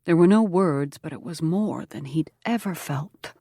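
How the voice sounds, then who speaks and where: A woman narrating an audiobook in a measured, earnest storytelling manner on a close mic. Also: sits low, expressive, mellow, slightly rough, no echo. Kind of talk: scripted narration.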